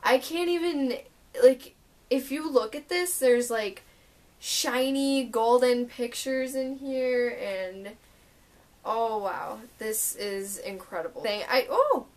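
A young woman vlogging a casual book haul and unboxing, gushing and excitable as she talks through each book. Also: on the high side, slow pace. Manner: gushing, excitable, lots of "oh my gosh".

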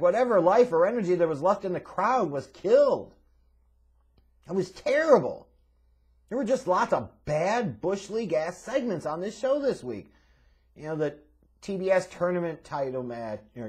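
A man's voice: a little high, breathy edge. A man reviewing a wrestling show in a profane, sarcastic, exasperated rant. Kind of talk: ranting video review.

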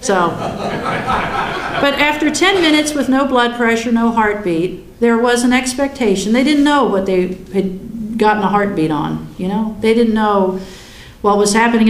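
A woman telling a personal story in a lively, wry way, acting out her own thoughts as she goes. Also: on the high side. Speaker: guest recounting a near-death experience. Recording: roomy echo.

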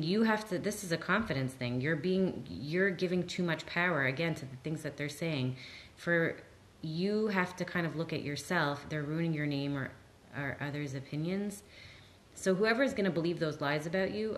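Low-voiced earnest woman therapist. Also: slight background noise. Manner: earnest, reassuring, lively when quoting others. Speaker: therapist answering audience questions. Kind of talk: live Q&A talk.

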